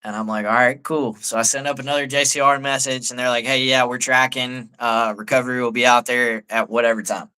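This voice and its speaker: Laid-back soldier telling a story. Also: male voice, mid-range voice, flat delivery, brisk, hardly any pauses, sharp tone, clean tone. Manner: laid-back, peppers speech with "like". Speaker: army staff sergeant guest. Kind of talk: casual storytelling on a live talk show.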